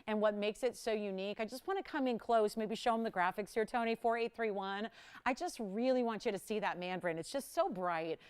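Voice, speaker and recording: A woman hosting a live jewelry shopping broadcast, pitching pieces in a rapid, upbeat sales patter. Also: clean tone. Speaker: shopping channel host.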